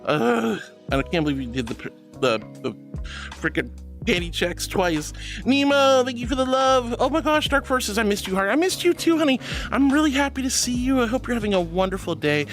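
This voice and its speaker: Male streamer, high and very lively pitch, affectionate toward viewers. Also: fairly quick, faint music behind. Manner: affectionate, calls viewers sweetie and honey. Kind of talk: live stream chat reading.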